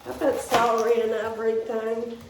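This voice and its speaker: A home cook with a fairly high, monotone voice speaks at normal speed while demonstrating a recipe in her roomy kitchen. She's chatty and folksy, talking to viewers as she chops, recorded by a distant mic with faint noise.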